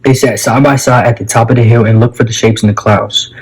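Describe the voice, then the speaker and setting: A man reading a children's bedtime story aloud in a calm, even way. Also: on the low side, fast talker, few pauses, slight background noise, poor audio. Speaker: story reader.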